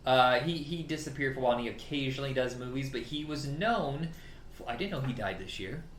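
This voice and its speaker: A man in casual conversation about films, lively and profane, quick to laugh. His voice rings in a roomy space, with faint background noise beneath it. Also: medium pitch. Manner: animated, swears freely, laughs often. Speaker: podcast co-host. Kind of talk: casual film chat.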